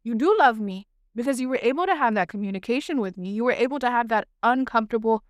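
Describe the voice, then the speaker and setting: A woman's voice: fairly high pitch, expressive, fast, no echo. A young woman hosting a podcast, talking candidly in a casual heartfelt conversation, with frequent "like" and "right?" in long flowing runs. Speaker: podcast host.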